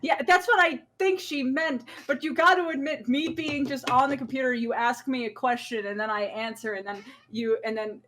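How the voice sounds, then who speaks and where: A woman hosting a casual podcast chat, animated and quick to laugh, restarting her sentences as she talks. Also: high-pitched. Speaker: podcast host.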